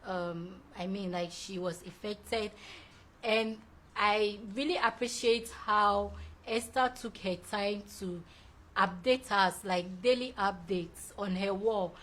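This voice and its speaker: A woman's voice: medium pitch, takes it slowly, a bit bright. Chatty woman hosting a show. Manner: effusive, laughs often, chatty. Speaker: show host. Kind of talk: casual live-show chat reading viewer comments.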